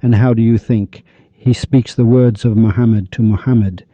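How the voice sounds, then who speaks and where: A man's voice: fairly low pitch, steady tone, normal speed, dark tone, dry recording. A man giving an impassioned religious lecture, firing rhetorical questions and scolding his listeners. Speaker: religious speaker. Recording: dull lo-fi dry recording.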